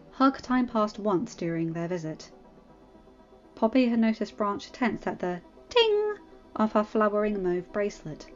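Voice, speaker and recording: A woman reading fanfiction aloud as a narrator, with expressive storytelling. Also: medium pitch, lo-fi sound. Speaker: audiobook reader.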